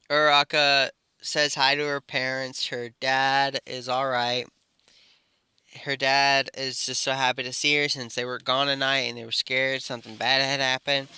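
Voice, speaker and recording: A man's voice: mid-range voice, bright, forceful tone, clean tone, no room sound, clean studio sound. A man improvising a fan story aloud, rambling with fillers and self-corrections.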